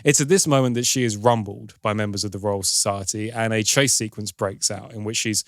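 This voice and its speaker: A man's voice: lowish voice, fairly even intonation, fairly quick, a bit bright, no room sound, studio quality. Wry man recapping a film. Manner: chatty, wry storytelling with sarcastic asides. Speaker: podcast film reviewer. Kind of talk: casual plot recap.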